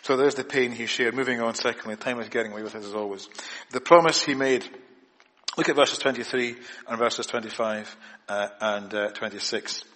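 A man delivers a sermon in a church with a long echo trailing after his words. His voice sits at a middle pitch. He builds to loud, emphatic points, then drops to hushed, quiet lines. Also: fairly even intonation, a little fast. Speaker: preacher. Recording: long hall reverb.

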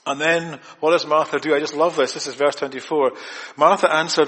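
A man preaching a sermon, swinging between forceful, raised emphasis and hushed, quiet lines. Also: a little high, fairly even intonation, fairly quick. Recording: long hall reverb.

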